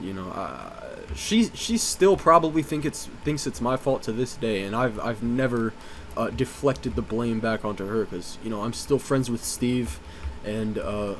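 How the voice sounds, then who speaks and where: Man for a casual storytime vlog, average pitch, rambling and profane delivery. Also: moderate pace, slight background noise. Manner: rambling, profane, lots of "uh" and "you know".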